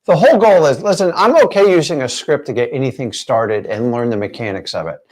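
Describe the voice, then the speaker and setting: A man's voice: mid-range voice, animated, brisk, darkish tone. A man teaching a real estate training session, emphatic and full of rhetorical questions.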